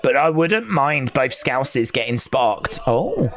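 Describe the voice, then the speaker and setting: A man from England hosting a live fight watch-along stream, chatting casually, reading out viewers' comments and breaking into excited cheers. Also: medium pitch, takes it slowly.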